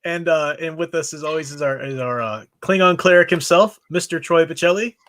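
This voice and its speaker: A man's voice: a little high, brisk, fairly bright tone. A man hosting a casual movie-rewatch livestream, rambling with many restarts over a computer mic. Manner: rambling, with frequent fillers and restarts.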